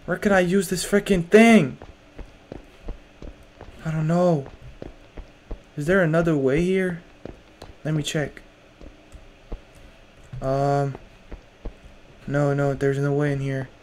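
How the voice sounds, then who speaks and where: Young man, fairly high voice, slow unhurried delivery, nervous, slangy gamer talk, faint background noise. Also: darkish tone. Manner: jumpy, nervous, talks to himself; casual slang, lots of "bro". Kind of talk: horror game let's play.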